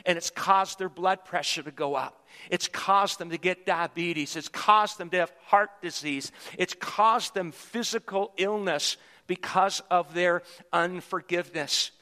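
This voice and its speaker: High, bright-voiced preacher in a reverberant hall. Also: male voice, measured pace. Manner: emphatic preaching with repetitions. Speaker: pastor. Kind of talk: sermon. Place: church sanctuary.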